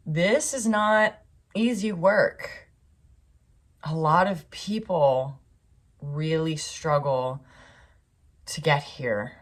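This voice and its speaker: A young woman reading cards for viewers, earnest and rambling with many fillers, recorded on a phone. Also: low-pitched. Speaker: tarot reader.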